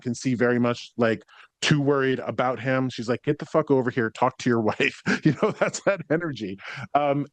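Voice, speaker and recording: A man's voice: mid-range voice, no echo. A man in a mid-range voice gives a psychic reading, rambling and hesitant with many fillers, and cheerfully swears when passing on messages. The sound is dry and close. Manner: rambling, hesitant, frequent ums and likes, swears when relaying spirits. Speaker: psychic medium. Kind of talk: spirit reading to a sitter.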